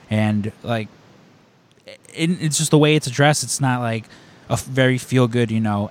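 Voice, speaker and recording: Male host, rambling casual storyteller, filler-heavy, mid pitch. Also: normal speed. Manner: animated storyteller. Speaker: podcast host. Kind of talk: casual chat.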